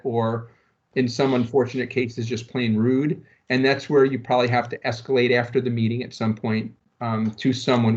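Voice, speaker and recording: Man giving measured advice over a call. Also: mid-range voice, a little mellow. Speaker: guest trainer. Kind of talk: giving workplace advice on a webinar. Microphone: video call. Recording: muffled video-call audio.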